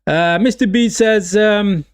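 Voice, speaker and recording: A man provides live football watch-along commentary, getting excited at the play, repeating his phrases and reading chat messages aloud. His voice is high, slow, clear and resonant.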